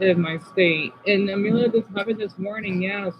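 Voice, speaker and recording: A man from Arizona streaming casually, reading chat comments aloud and reacting, moving between subdued talk and excited outbursts. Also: sits high, moderate pace, muffled recording, slight background noise.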